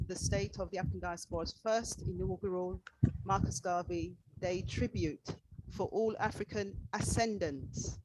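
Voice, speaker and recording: A man's voice: sits high, a little mellow, a little hiss or hum, poor audio. A man giving a formal ceremonial address at an online tribute event, speaking in a declamatory way and stressing key words.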